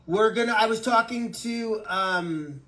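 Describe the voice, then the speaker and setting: Hosting a relaxed animal sanctuary livestream, a man with a fairly high voice reads and answers viewer comments at a measured pace. He jokes and rambles, often stammering and starting sentences over.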